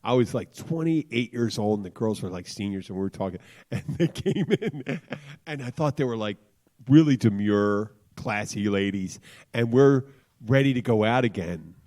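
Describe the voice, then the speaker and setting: A man's voice: on the low side, lively intonation, normal speed, a little mellow. A man co-hosting a casual talk radio show, telling loose, rambling stories with frequent restarts. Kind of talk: casual chat, storytelling.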